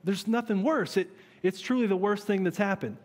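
A man in his thirties preaching a sermon as pastor, conversational and animated, with many rhetorical questions. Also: high voice, normal speed. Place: large church hall. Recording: long reverb of a church hall.

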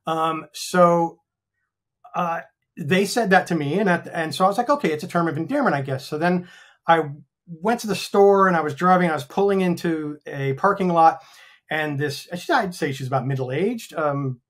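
A man's voice: fairly high pitch, normal speed. An American man of fifty, talking frankly in a casual interview, rambling with many ums and swearing freely. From United States. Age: 50s. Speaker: actor guest.

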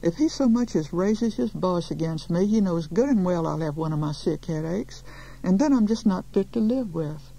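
A woman's voice: lowish voice, animated, normal speed, creaky, warm tone, voice pushed up, rough recording. A woman voicing a prim, easily offended customer. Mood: indignant. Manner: touchy, indignant.

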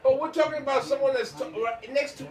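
A man teasing and ranting in an animated, joking way as he talks to the camera, repeating himself for effect. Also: very high voice, fast, echoey room, distant mic, rough recording.

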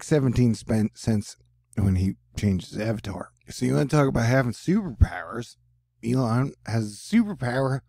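A man's voice: mid-range voice, creaky, dark tone, no echo, studio quality. A man hosting his own news channel, rambling through reports with self-deprecating jokes. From United States. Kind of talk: casual news commentary.

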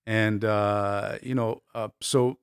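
A man's voice: fairly low pitch, steady tone, slow pace, clear, resonant tone, no room sound. Chatty male actor, dry close sound. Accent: American English. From born in Naples, raised in New Jersey. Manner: chatty, laughs easily, restarts sentences. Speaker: actor guest. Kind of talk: casual interview chat.

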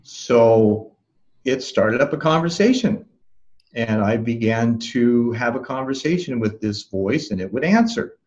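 A man being interviewed as a life coach, recounting a memory in a calm, thoughtful way with soft laughs and restarts. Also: mid-range voice, a little slow, dull audio. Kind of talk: reflective interview storytelling.

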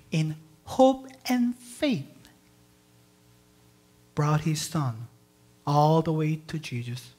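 Woman pastor preaching slow, gets loud and fired up, keeps asking the church questions. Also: low voice, husky. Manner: impassioned, swings from quiet to loud emphatic peaks; asks the congregation rhetorical questions. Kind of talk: sermon.

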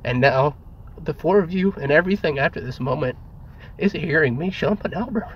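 A man's voice: on the high side, animated, husky, dull audio. Earnest, tearful man rambling philosophically. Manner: earnest, emotional, repetitive, halting. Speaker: speaker leading a group talk.

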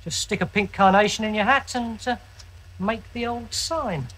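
An actor playing a slow-witted, cheerful male servant in a TV sitcom, plodding and matter-of-fact. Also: sits high, a bit bright, husky. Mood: dim.

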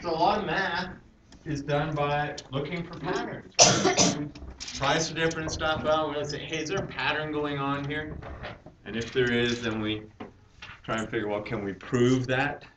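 A male math teacher with a slightly high voice lectures a class at a moderate pace, explaining step by step and questioning the students. A roomy, distant classroom mic adds hiss.

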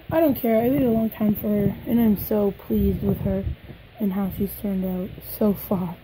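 A young woman vlogging an unboxing in a casual, gushing way, her voice a little hoarse, sometimes dropping to soft whispers. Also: mid-range voice, fairly even intonation, a little slow, noisy background.

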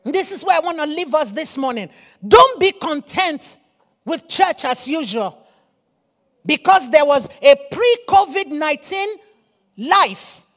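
Fiery high-voiced woman preaching. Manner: fiery preaching, rising to shouts, repeating phrases. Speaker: apostle preaching. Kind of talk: sermon.

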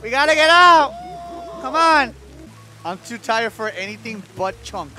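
Very high-voiced, excitable male gamer. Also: measured pace, soft background music. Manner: excitable, yelps and shouts at the game. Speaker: gaming streamer. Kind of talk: profane live game commentary.

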